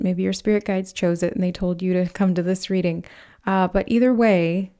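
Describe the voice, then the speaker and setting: A woman giving a pick-a-card tarot reading, speaking in a gentle, earnest way that rambles a little, with soft laughs. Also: medium pitch. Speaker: tarot reader.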